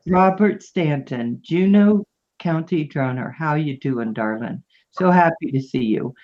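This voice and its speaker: A woman co-hosting a casual live stream chat, animated and teasing, often laughing. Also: sits low, unhurried. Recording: dull lo-fi stream audio.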